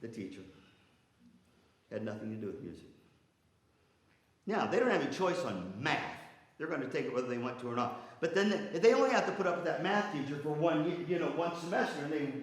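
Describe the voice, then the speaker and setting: A man giving a lively, chatty lecture to music educators, often asking the audience questions. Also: fairly high pitch, brisk, pauses often. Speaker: guest speaker for music educators. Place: large echoey lecture room. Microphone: distant from the microphone. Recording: echoey room from far off.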